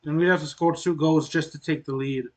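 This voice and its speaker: A man casually commentating a soccer video game he is playing, explaining the score as he goes and often clearing his throat. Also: a little high, brisk. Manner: relaxed, explains as he plays, frequent throat clearing. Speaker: gaming channel host.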